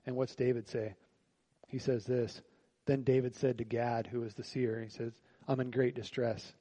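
Husky, mellow-voiced man preaching a sermon. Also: medium pitch, normal speed, rough recording. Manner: conversational preaching with frequent rhetorical questions to the congregation; shifts between quiet reflective lines and louder animated bursts. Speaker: pastor. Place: church service.

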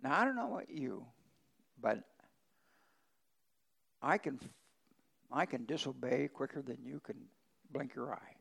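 Gravelly preaching man, folksy and emphatic. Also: big pitch swings, a little slow, long pauses, fairly bright tone, rough recording. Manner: conversational preaching with folksy ranch stories, emphatic pitch swings. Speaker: pastor. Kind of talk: sermon.

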